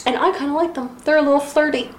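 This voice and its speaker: A woman co-hosting a podcast in casual chat, sarcastic and animated as she recaps a play. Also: high-pitched, fast, echoey room, slight background noise. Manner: animated, sarcastic, acts out characters. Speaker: podcast co-host.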